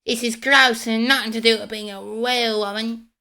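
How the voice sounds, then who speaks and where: A woman in a played clip speaking slowly and emphatically in disapproval. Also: a little high, fairly even intonation, pushed and bright, smooth.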